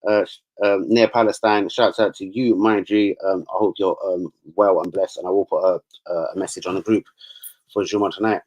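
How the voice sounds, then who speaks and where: A man's voice: low voice, level tone, moderate pace, a little mellow, lo-fi sound. A man chatting loosely on a football livestream. His talk is slangy and full of asides and swearing, and he often trails off into fillers. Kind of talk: casual livestream chat.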